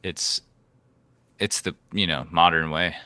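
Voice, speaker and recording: A man's voice: sits low, steady tone, slow, pushed and bright, no room sound. A man moderating a live-streamed debate, reading out donations and joking with the guests in a teasing, casual way.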